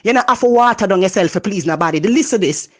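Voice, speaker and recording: A Jamaican woman giving a passionate motivational talk, loud and expressive, mixing patois into her English. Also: mid-range voice, quick pace. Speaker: motivational speaker. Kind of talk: motivational monologue.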